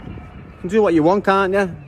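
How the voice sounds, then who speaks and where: A man's voice: high voice, fairly even intonation, moderate pace, a little hiss or hum. A man with a Liverpool accent walking the city streets, talking to his viewers in a cheeky, joking street-vlog style. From Liverpool, England. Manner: jokey, cheeky banter with viewers. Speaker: vlogger.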